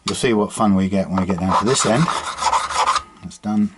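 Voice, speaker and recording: A man with a lowish voice talks casually through a fret repair at his workbench, thinking aloud with plenty of fillers and restarts. Loud rasping from a file and sanding runs under his speech. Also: normal speed. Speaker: guitar repair technician. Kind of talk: casual workshop demonstration. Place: workshop bench. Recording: loud workshop filing noise. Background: file rasping and sanding on metal frets.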